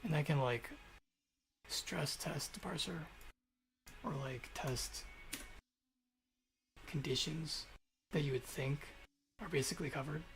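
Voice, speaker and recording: A man's voice: a little high, slow pace, gravelly, pauses often, slight background noise. A man thinking aloud while streaming himself programming, rambling and swearing casually. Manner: rambling, profane, muttering to himself. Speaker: programmer livestreamer.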